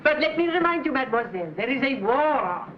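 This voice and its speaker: An actress playing a haughty, condescending concierge in a 1940s film. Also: female voice, high voice, sing-song, fast talker, slight background noise. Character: haughty, prickly concierge woman. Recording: echoey, muffled old film soundtrack.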